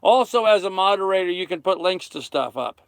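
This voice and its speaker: A man's voice: high voice, lively intonation, brisk, vocal fry, clean tone, no echo, studio quality. Chatty man hosting a boat livestream. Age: 30s. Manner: chatty, thanks viewers by name. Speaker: sailboat livestream host. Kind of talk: casual livestream chat reading comments. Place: on a sailboat cockpit.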